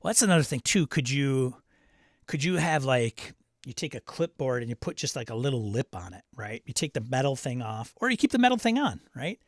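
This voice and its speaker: A man's voice: medium pitch, moderate pace, dry recording, studio quality. A man hosting a live game stream, reading viewer comments aloud and chatting in a loose, self-interrupting way. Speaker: stream host.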